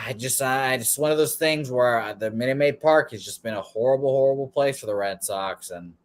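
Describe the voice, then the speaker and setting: A man's voice: medium pitch, normal speed. A man hosting a sports betting show in casual chat, rambling and swearing freely.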